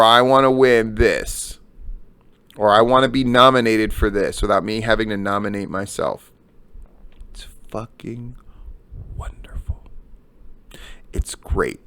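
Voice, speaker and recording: A man's voice: medium pitch, gravelly. A middle-aged man, hosting a news and commentary show and ranting with heavy swearing. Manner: heavy swearing, emphatic and animated.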